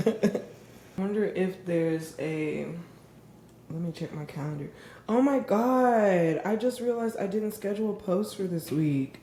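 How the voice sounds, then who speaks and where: A woman's voice: mid-range voice, lively intonation, measured pace, dark tone, a little hiss or hum. A tipsy woman co-hosting a podcast at home, joking bluntly and swearing in loose, casual chat. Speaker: podcast co-host.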